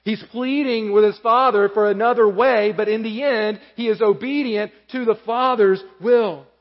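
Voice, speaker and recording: Earnest male pastor, high voice, sermon in a reverberant sanctuary. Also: fairly even intonation, moderate pace. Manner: earnest, repeats key phrases for emphasis. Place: church sanctuary. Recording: echoey church hall, dull lo-fi.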